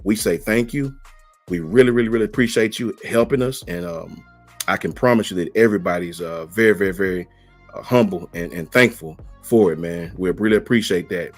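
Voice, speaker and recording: A man's voice: low voice, fairly quick, soft background music. A middle-aged man hosting a live stream, chatting casually and slangily as he answers viewers' messages. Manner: laid-back, slangy, reads out and answers chat messages. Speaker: host.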